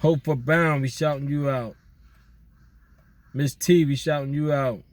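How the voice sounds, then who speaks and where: A man chatting casually outdoors at night, giving relaxed, slangy shout-outs to his listeners. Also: fairly high pitch, a little slow, no room sound. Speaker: vlogger doing viewer shout-outs. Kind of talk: casual chat.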